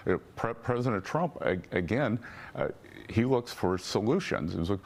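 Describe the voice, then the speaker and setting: Deep-voiced man, halting interview answer. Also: animated. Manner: halting, many restarts and fillers.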